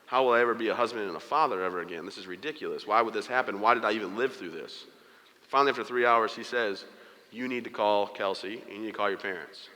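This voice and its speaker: A man with a bright, forceful voice delivers a motivational talk at a brisk clip. He tells his story with jokes and plays the other people in it. The sound carries a long hall reverb. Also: fairly low pitch. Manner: storytelling with humor, quoting others in character. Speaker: motivational speaker. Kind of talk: motivational keynote speech. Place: large hall before an audience.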